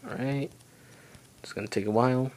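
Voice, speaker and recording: A man's voice: mid-range voice, fairly even intonation, normal speed, darkish tone, a little hiss or hum. A young man giving rambling, casual commentary while playing a video game. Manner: rambling, chatty, self-talk while playing. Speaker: gaming channel host. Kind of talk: casual let's play commentary.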